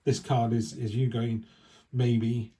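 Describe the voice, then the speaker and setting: Male tarot reader, mellow warm tone, rambling casual delivery with asides. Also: mid-range voice, fairly quick. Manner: rambling, chatty, restarts and asides. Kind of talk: casual weekly tarot reading.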